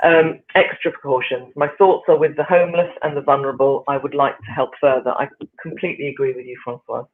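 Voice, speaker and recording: An older woman chatting as a radio guest over the phone, talkative and quick to laugh. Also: very deep voice, steady tone. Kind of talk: casual radio chat. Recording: tinny phone line.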